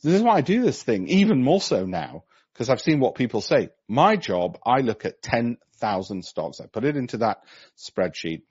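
A man's voice: medium pitch, big pitch swings, moderate pace, a little mellow, husky, no echo, lo-fi sound. A middle-aged man, giving blunt, sarcastic market commentary on a podcast and mocking others in put-on voices.

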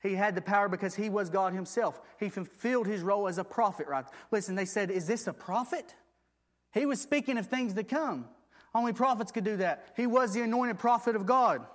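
A man's voice: high voice, lively intonation, normal speed, fairly bright tone. A man preaching a sermon, reading scripture aloud and asking the congregation for agreement.

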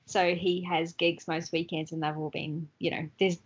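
A woman's voice: fairly low pitch, little pitch movement, normal speed, husky, lo-fi sound. An Australian woman chatting as a guest in a casual online interview, laughing often as she talks.

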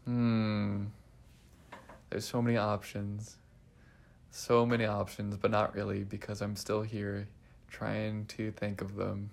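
Playful young man with gravelly voice. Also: lowish voice, slow pace, pauses often. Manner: playful, animated, thinks out loud. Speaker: podcast co-host, resident assistant. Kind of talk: casual chat.

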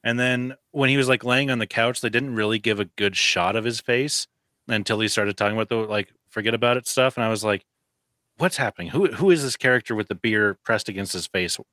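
A man co-hosting a movie review podcast, talking in a matter-of-fact, dry way. His voice sits a little low but has a bright edge. The sound is close and dry. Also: a little fast, dry recording. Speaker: podcast co-host. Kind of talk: casual movie-review chat.

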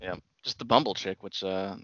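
A man's voice: low voice, steady tone, moderate pace, fairly bright tone, no echo, lo-fi sound. A young man co-hosting a casual podcast, teasing and needling his friend with crude jokes.

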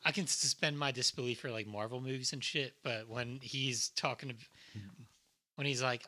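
A man's voice: medium pitch, normal speed. A young man co-hosting a podcast, joking and swearing as he talks through a movie. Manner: joking, profane, animated storytelling. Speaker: podcast co-host. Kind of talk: casual movie chat.

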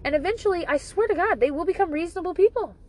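A woman's voice: very high-pitched, lively intonation, very fast, low-quality recording. A woman talking casually to camera with parenting advice, blunt and profane, joking and exaggerating as she goes.

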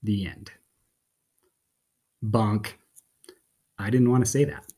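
A man's voice: on the low side, slow pace, warm tone, slightly rough. A man, a father and guest on a podcast, reading a picture book aloud in a playful, theatrical way.

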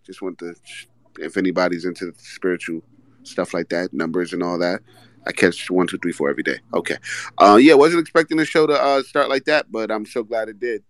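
A man's voice: low voice, brisk, no echo. A man hosting a casual live audio show, with loose, profane, upbeat banter. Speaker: host.

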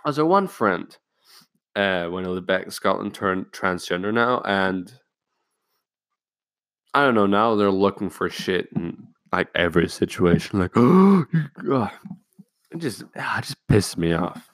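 A man's voice: deep voice, measured pace, a bit bright, dry recording, clean studio sound. A young man vlogger telling a story in a rambling, profane, offhand way. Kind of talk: casual storytelling.

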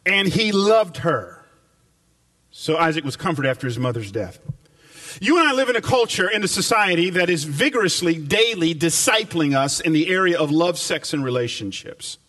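A man preaching a sermon as pastor to a live congregation in a church, stressing key phrases with slow repetition. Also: a little high, very animated, sharp tone, recorded from a distance.

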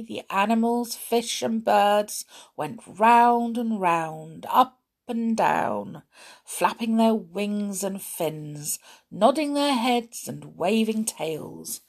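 A woman reads a children's storybook aloud, taking her time over each line. She is expressive and speaks warmly to a young listener, with her voice at a middle pitch.

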